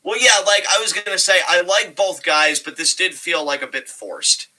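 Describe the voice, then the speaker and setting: A man co-hosting a wrestling review show, chatting casually, excitable and profane, often breaking into laughter. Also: high-pitched, moderate pace, low-quality recording. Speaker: podcast co-host.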